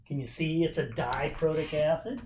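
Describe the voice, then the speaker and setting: A man's voice: fairly high pitch, fairly even intonation, normal speed, darkish tone, a little hiss or hum. A man teaching a chemistry lesson in a casual, upbeat way, often checking in with rhetorical questions. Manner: upbeat, chatty, asks frequent rhetorical questions. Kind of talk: informal recorded chemistry lesson.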